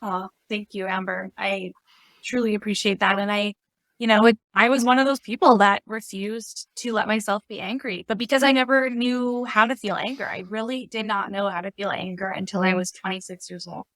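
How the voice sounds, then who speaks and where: A woman's voice: medium pitch, steady tone, brisk, no room sound. A woman guest on a podcast, a spiritual life coach speaking earnestly and reflectively. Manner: earnest, reflective, softening to quiet. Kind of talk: casual conversation.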